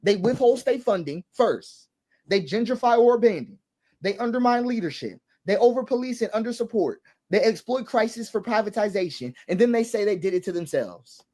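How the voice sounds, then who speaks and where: A man's voice: sits high, lively intonation, fairly quick, dark tone. A man hosting an online show, delivering impassioned political commentary with emphatic repetition and long lists. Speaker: commentary host.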